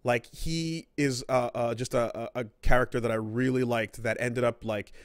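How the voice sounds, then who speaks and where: A man's voice: medium pitch, steady tone, moderate pace, dry recording, studio quality. A man co-hosting a casual gaming podcast, rambling and swearing as he acts out quoted characters. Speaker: podcast co-host.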